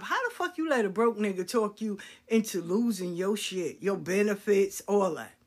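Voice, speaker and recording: A middle-aged woman hosting a casual chat show, telling stories in a blunt, profane, animated way. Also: medium pitch. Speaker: talk show host.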